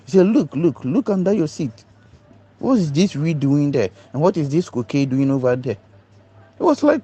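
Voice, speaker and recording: A man recounts his ordeal in a dark, mellow voice. He tells it like a storyteller, leaping high in pitch to act out the people involved, and trips over repeated words when agitated. The recording sounds muffled and lo-fi. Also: a little fast, breathy edge. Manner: animated storyteller, acts out other voices with big pitch jumps. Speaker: doctor recounting a police ordeal. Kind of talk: emotional personal account.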